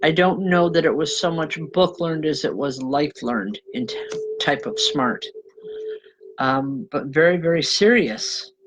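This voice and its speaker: A woman's voice: low-pitched, lively intonation, unhurried, poor audio. Chatty woman giving spiritual readings. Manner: chatty and informal, calling people hon and babe, with frequent ums and self-corrections; often laughs and apologizes to the audience. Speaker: reverend and spiritual medium. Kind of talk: live spiritual reading addressed to viewers.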